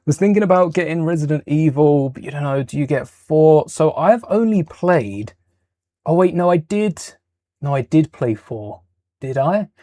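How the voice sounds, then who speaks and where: A man's voice: on the high side, animated, moderate pace, dark tone, no room sound. A man hosting a casual livestream while building Lego, chatting with viewers in a rambling way and correcting himself as he goes.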